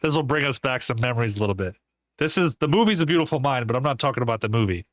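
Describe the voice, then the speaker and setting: A man's voice: medium pitch, racing, dry recording. Crude, laughing podcast co-host man. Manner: crude joking, laughs often, animated storytelling. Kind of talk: casual chat.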